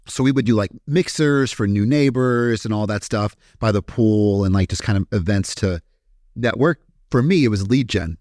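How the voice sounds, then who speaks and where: A man from Kentucky, a podcast guest telling his story in a candid, animated way and swearing freely. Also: lowish voice, normal speed, dry recording, clean studio sound. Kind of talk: casual storytelling interview.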